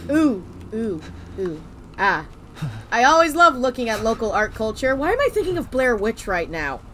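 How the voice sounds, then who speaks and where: Animated young woman streamer, high voice. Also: normal speed, very noisy. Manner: joking, animated, swearing. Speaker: gaming streamer. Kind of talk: casual let's play commentary.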